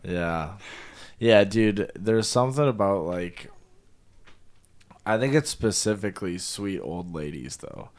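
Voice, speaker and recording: This is a young man with a very low voice chatting on a talk show. He talks loosely and swears often, with "dude" sprinkled everywhere. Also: lively intonation, slow pace, long pauses, darkish tone. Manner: loose and profane, says dude a lot. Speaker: podcast co-host. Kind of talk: casual chat.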